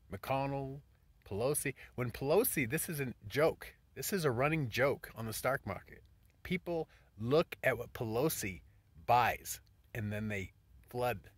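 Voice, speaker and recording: A man vlogging a casual, profane monologue, swinging between loud rants and hushed whispers. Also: medium pitch, no room sound.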